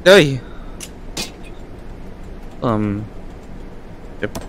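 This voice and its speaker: A man's voice: medium pitch, animated, drawn-out words, a little hiss or hum. A young man giving casual gameplay commentary, jittery and swearing, laughing nervously. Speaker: gaming YouTuber.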